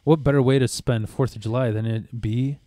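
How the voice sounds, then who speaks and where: A man's voice: medium pitch, steady tone, fairly quick, dark tone, no room sound, clean studio sound. Rambling, profane male podcast host. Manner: rambling storyteller, swears a lot, laughs often. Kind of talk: casual chat.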